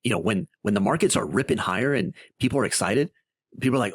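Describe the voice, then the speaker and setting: A man explains his investing strategy on a screen-share in a lively, chatty way. His pitch swings widely as he talks, and the recording is dry and close, with no room sound. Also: fast, no echo. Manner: animated and conversational, with many tag questions. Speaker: crypto investing video host.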